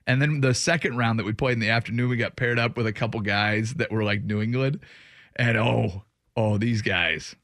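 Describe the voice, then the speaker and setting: A man's voice: mid-range voice, normal speed, a bit bright, no echo, clean studio sound. A man hosting a sports radio show, telling rambling stories in casual banter. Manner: rambling, chatty storyteller.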